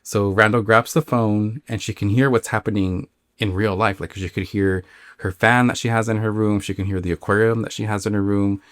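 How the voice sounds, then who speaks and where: A man's voice: lowish voice, steady tone, brisk, fairly bright tone, no room sound. A man hosting a spooky podcast, casually retelling a listener's dream story with rambling asides and many fillers. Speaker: podcast host.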